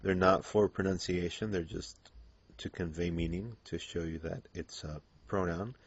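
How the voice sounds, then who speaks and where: A man's voice: low voice, fairly even intonation, normal speed, slightly rough. A man teaching a Spanish grammar lesson in English, explaining patiently with frequent "okay" and "um". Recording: dull lo-fi lecture recording.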